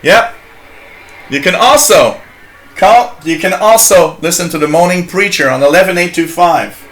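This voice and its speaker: A man's voice: high-pitched, normal speed, fairly bright tone. A man from Canada hosting a live shortwave radio show, chatting in a rambling, jokey way, reading out chat messages and laughing often.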